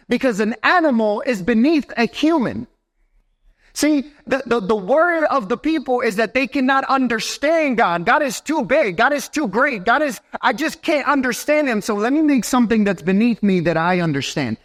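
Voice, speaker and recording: A young man preaching a sermon as pastor in a church, animated and talking straight to his congregation. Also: very high-pitched. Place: church sanctuary.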